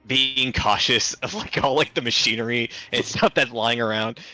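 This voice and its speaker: A man's voice: medium pitch, moderate pace, bright, forceful tone, dry recording. A young man playing a tabletop game, hesitant and full of fillers. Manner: hesitant, laughing, many fillers. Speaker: player. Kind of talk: tabletop role-play.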